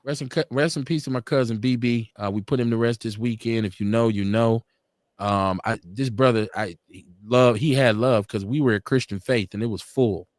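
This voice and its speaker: A man's voice: mid-range voice, normal speed, no echo. A man hosting a live online talk show, speaking with fervent, profane, preacherly conviction and driving his points home through repetition. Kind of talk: impassioned political talk-show commentary.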